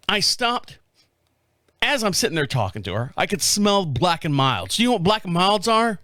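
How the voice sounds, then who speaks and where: A man's voice: high voice, sing-song, normal speed, bright, forceful tone, dry recording, clean studio sound. A man in his fifties telling a rambling story in a casual monologue, acting out the other people's lines as he goes. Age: 50s. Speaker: podcast host.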